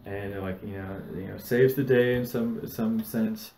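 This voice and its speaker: A man's voice: lowish voice, a little slow, roomy sound, poor audio. A man hosting a casual podcast, telling stories with plenty of swearing. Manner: swears a lot, animated storytelling. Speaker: podcast host.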